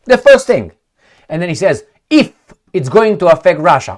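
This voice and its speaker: A man ranting angrily about the news, sarcastic and swearing, reading headlines aloud and picking them apart. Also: moderate pace. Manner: angry, sarcastic, swearing, lively swings in pitch. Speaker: political commentator.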